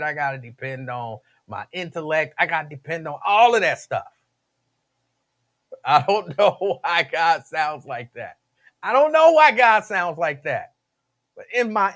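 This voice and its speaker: A man's voice: fairly high pitch, a bit bright. A man hosting a radio talk show, chatting casually with listeners, laughing often and repeating himself.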